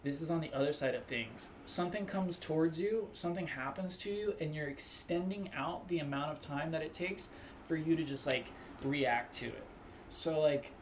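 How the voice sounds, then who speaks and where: A young man talking casually on his own, rambling with lots of "like" and acting out quick angry replies. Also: on the high side, slight background noise. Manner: loose and rambling, full of "like", acts out angry quotes. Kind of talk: casual spoken monologue.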